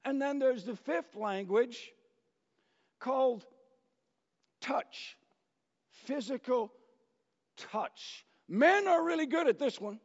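A man preaching a sermon as pastor, talking to the congregation in a conversational, animated way and acting out quotes. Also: extremely high pitch, slow pace, long pauses. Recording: echoey hall, dull lo-fi sound.

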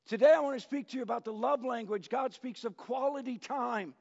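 A man preaching a sermon as pastor, in an unhurried storytelling manner that works in jokes. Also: extremely high pitch, creaky, husky. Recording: dull lo-fi church recording with long reverb.

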